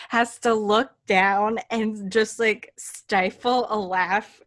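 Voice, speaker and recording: A woman co-hosting a podcast, telling anecdotes in an animated, unhurried way in casual chat. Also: mid-range voice, dry recording, clean studio sound. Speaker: podcast co-host. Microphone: studio microphone.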